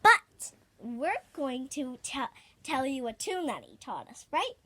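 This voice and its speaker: Young girl, very high voice, unhurried, sing-song and rambling. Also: sing-song, fairly bright tone. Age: child. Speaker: child singer. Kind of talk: made-up song and rambling story.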